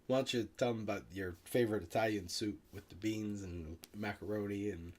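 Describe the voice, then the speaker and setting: A man co-hosting a comedy podcast, teasing and prodding his partner and quick to laugh. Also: on the low side, fairly even intonation, darkish tone. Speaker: podcast co-host. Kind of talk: comedic casual chat.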